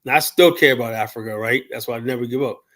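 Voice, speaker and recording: A man's voice: mid-range voice, quick pace, fairly bright tone. A man from the United States hosting a call-in show, ranting heatedly and asking "you know?" again and again. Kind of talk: ranting livestream commentary.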